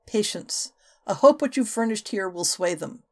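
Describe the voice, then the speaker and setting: A woman voicing a composed, quick-witted female spy with dry replies in an audiobook. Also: mid-range voice, expressive. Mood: guarded. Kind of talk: audiobook character voice.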